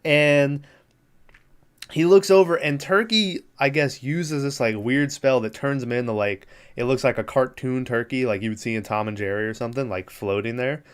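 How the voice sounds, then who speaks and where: Casual podcast host, male, smooth clear voice, rambles and swears, laughs a lot. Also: mid-range voice, moderate pace. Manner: laughing, profane, rambling with many fillers. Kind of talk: casual movie recap.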